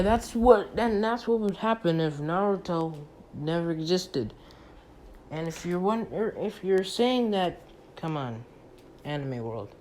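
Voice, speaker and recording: A man's voice: a little high, a bit bright, a little hiss or hum. A young man rambling casually through an anime fan theory, stumbling over names and leaning on fillers. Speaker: anime channel creator.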